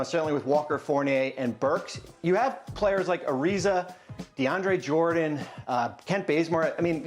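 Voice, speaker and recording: A man analysing basketball trades in a debate, measured and matter-of-fact. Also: a little high.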